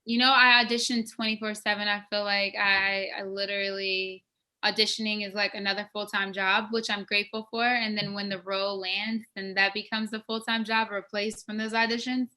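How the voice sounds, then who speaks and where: A woman's voice: medium pitch, little pitch movement, moderate pace, bright, forceful tone. A woman actress from West Africa, telling stories from her career in a casual, enthusiastic interview. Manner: enthusiastic, storytelling, restarts often.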